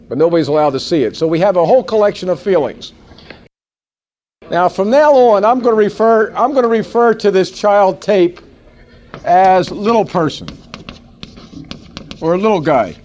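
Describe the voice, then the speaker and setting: Folksy sales trainer, man in his forties, fairly high voice, lively and conversational with the room. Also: moderate pace, pauses often. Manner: animated, folksy, quizzes the audience. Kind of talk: seminar talk to a live audience.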